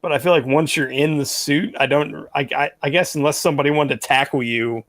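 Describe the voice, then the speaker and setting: A man's voice: fairly high pitch, steady tone, brisk, a bit bright, no echo. A man co-hosting a casual podcast chat, telling a story in a rambling way, full of "like"s. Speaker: podcast co-host.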